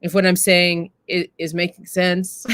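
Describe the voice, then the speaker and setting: A woman's voice: lowish voice, monotone, measured pace, fairly bright tone, no room sound. A woman hosting a live stream, talking earnestly and casually and addressing her viewers directly. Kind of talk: casual reflective talk to viewers.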